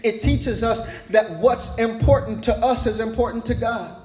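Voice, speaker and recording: A male pastor delivers a sermon in a very high voice, stacking repeated words as his preaching builds. The sound carries a roomy echo around him. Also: steady tone, normal speed, darkish tone, soft background music.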